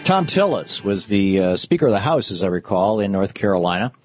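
A man hosting a political talk radio show, speaking in an animated, sarcastic way that climbs into outrage. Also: lowish voice, a little fast, dull audio, faint music behind. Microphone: studio microphone.

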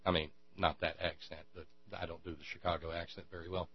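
A man giving an indignant, sarcastic monologue, halting often with fillers as he builds his points. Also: low voice, flat delivery, breathy edge, dry recording. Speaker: commentator. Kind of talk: ranting monologue. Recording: dry, dull lo-fi with mains hum.

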